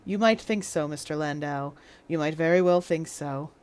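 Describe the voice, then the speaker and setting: A woman's voice: low-pitched, normal speed, darkish tone, smooth, pitched below the performer's own voice, natural voice. A woman voicing a stern, pompous courtroom judge in an attempted received pronunciation accent. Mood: dry. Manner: stern, formal, commanding.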